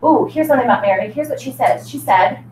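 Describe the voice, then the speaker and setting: This woman is a teacher running a reading lesson, upbeat and coaxing as she prompts her students. Her voice sits a little high. She sounds distant, with classroom echo and faint ambient noise around her. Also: lively intonation, fast talker, a little mellow. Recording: echoey classroom from far off.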